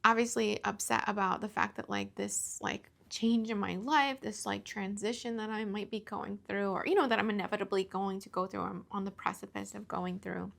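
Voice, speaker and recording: Gravelly-voiced woman, emotional and halting. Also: mid-range voice, fairly bright tone. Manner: halting, full of fillers and restarts, tearful at times. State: emotional, close to tears. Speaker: vlogger. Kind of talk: personal confessional vlog.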